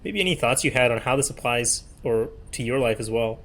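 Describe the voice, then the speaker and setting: Podcast host guy, bright voice, kinda hesitant and casual. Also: medium pitch, animated, fairly quick. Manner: loose and hesitant, many ums and uhs. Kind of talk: casual interview chat.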